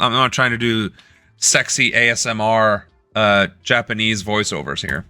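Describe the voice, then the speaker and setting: A man's voice: on the low side, a little slow, sharp tone, dry recording, faint music behind. Brief: young male streamer from the US, sarcastic and foul-mouthed political rant, tense edgy voice, dry close sound. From United States. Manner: profane, sarcastic ranting. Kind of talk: live-stream political commentary.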